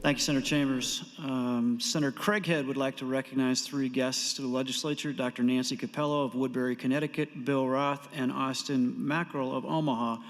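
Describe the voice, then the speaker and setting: A man presiding over a legislature, running procedure in a brisk, formal way. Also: medium pitch, fairly even intonation. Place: large legislative chamber. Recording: long reverb of a chamber.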